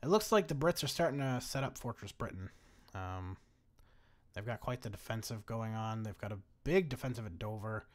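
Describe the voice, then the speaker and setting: A man's voice: fairly low pitch, expressive, moderate pace. Casual swearing man commenting on a strategy game. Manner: casual, swears freely, laughs often. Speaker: gaming commentator.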